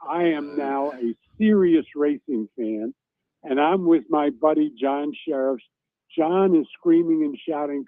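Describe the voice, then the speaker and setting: A man's voice: a little high, unhurried, no echo. Man telling a racing story over the phone. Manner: animated anecdotal storytelling, acts out shouts. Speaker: guest, former racing reporter. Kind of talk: storytelling on a radio talk show. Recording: dry tinny phone line.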